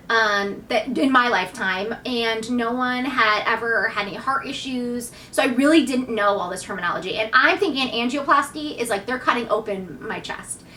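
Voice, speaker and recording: A woman in her thirties telling a personal story to camera in a candid, animated way, acting out what people said. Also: a little high, recorded from a distance, a little hiss or hum. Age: 30s. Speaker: vlogger.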